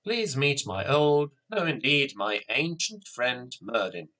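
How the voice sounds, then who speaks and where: Man voicing a cheerful dad, playful, teasing, bright tone. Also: mid-range voice, big pitch swings, slow, full character voice. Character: cheerful middle-aged father with a secret.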